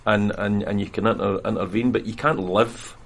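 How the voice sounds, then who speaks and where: A man's voice: on the low side, steady tone, normal speed, gravelly. A Scottish man, the interviewee, talking earnestly and at length in a candid interview, laughing at himself now and then. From Scotland. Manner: earnest, rambling, self-deprecating with laughter. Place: prison room.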